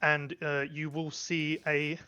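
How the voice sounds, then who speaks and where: A man narrating as game master of a tabletop game, halting often with fillers. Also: fairly high pitch, monotone, pushed and bright, smooth. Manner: hesitant, many fillers. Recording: lo-fi mic.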